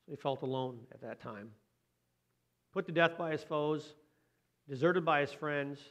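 A man's voice: fairly high pitch, unhurried, fairly bright tone. A man preaching a sermon in a conversational way, often asking his listeners questions. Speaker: pastor.

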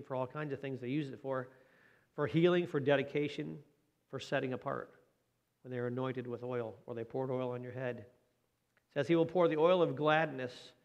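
A man's voice: mid-range voice, lo-fi sound. A man preaching a conversational sermon as a pastor. He talks in a folksy way, asks the listeners questions and adds light joking asides.

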